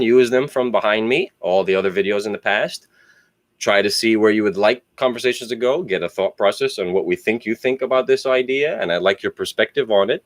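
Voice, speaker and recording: A man's voice: fairly low pitch, expressive, brisk, a bit bright, no room sound. A man talks on his own, rambling from thought to thought and swearing freely. The sound is dry and close, with no room around it. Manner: rambling, profane, philosophizing. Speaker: solo video host. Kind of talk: rambling monologue.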